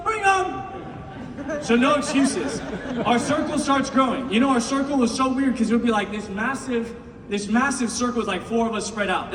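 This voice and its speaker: A middle-aged man giving an impassioned motivational speech to a room of recruits, swinging from shouting to hushed tones. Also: very high-pitched, noisy background. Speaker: business team leader speaking to recruits. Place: large meeting room with an audience. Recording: echoey hall, mic far off.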